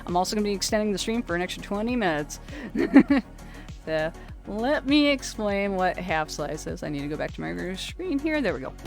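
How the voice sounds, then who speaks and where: A woman hosting a casual livestream, chatty and quick to laugh, often stumbling and restarting her words. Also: mid-range voice, sing-song, a little mellow, faint music behind. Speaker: streamer host.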